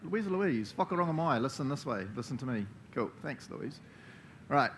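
A playful man preaching in a relaxed, chatty way, cracking jokes and calling on his listeners. His voice sits at an ordinary middle pitch over a faint low rumble. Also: moderate pace. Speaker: pastor. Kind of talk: casual interactive sermon.

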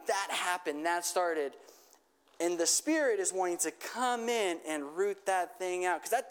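A man's voice: sits high, smooth. A man preaching a sermon in a conversational way, checking in with his listeners and leading them in a prayer. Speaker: pastor.

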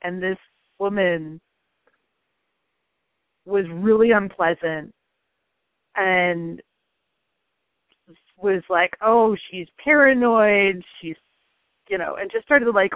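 Woman interview guest, chatty and animated, lots of "like", mid-height voice, thin phone-band sound, dry. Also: fairly low pitch, takes it slowly, long pauses, no room sound. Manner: animated, frequent "like" fillers, laughs mid-sentence. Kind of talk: casual personal storytelling. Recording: tinny phone-like line, dry.

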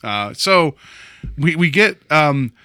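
Male podcast co-host: animated recap, swooping pitch, dry close sound. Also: takes it slowly, no echo. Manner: animated, laughing, acts out quoted lines. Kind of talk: casual chat.

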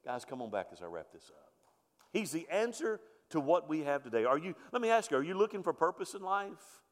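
Preaching pastor in a reverberant sanctuary. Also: male voice, big pitch swings, fairly quick. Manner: preaching with rising emphasis and soft, low storytelling passages. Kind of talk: sermon. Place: church sanctuary. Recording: long reverb of a church sanctuary.

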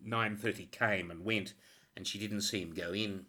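A man narrating a crime novel audiobook in a steady, even reading voice. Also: on the low side, normal speed, breathy edge.

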